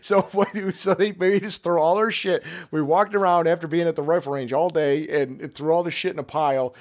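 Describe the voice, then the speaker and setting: A man's voice: a little high, fairly even intonation, brisk, muffled recording. A man, a podcast guest, telling rambling anecdotes in casual chat and laughing often.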